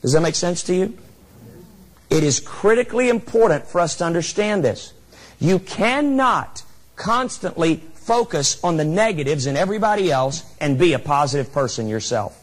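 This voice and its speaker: A man's voice: fairly high pitch, expressive, normal speed, low-quality recording. A man giving a motivational speech with a handheld microphone, emphatic and repeating key lines for effect. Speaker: motivational speaker.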